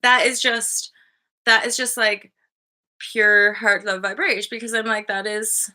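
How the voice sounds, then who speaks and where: Bubbly thirtysomething woman chatting on a live stream, kinda high and bright, acts out little voices. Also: steady tone, a little slow. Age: 30s. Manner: bubbly, swears a lot, laughs often; acts out voices in her stories. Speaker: host. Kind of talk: casual live-stream chat.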